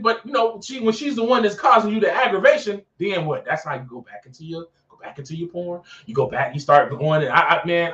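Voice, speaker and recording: A man hosting a talk show, preaching casually and animatedly, repeating phrases for emphasis, recorded in an office. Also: on the high side. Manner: animated, acts out characters in skits. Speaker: podcast host. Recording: echoey room, dull sound, mic at a distance.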